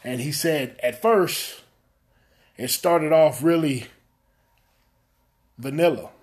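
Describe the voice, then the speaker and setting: A man hosting a podcast in casual chat, talking in a subdued, low-energy monotone and rambling a little with self-deprecating asides. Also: takes it slowly. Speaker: podcast host.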